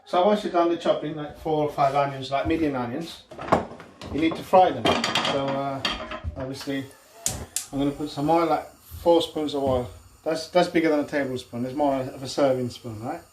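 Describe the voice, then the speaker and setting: A man's voice: a little high, fairly even intonation, moderate pace, a little mellow. A middle-aged man from northwest Spain hosting a casual home cooking demonstration, rambling and chatty, full of fillers and tag questions. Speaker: cooking show host. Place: home kitchen. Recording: echoey kitchen with cooking noise.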